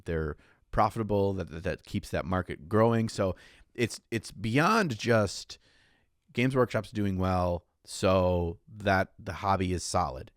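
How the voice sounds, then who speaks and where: A man's voice: deep voice, animated, slow pace, dry recording, studio quality. A man co-hosting a podcast in casual chat, joking, swearing freely and laughing often. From United States. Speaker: podcast co-host.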